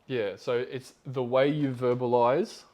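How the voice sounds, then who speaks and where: A man's voice: mid-range voice, flat delivery, measured pace, a little mellow. A man hosting a podcast, retelling a story in a loose, rambling way with lots of fillers. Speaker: podcast host.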